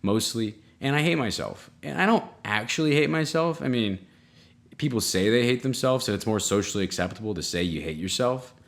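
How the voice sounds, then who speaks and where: A man hosting a comedy podcast, telling self-mocking stories in a rambling way, with sudden jumps in pitch. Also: expressive, fairly quick, vocal fry. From United States. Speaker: podcast host. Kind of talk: comedic solo monologue.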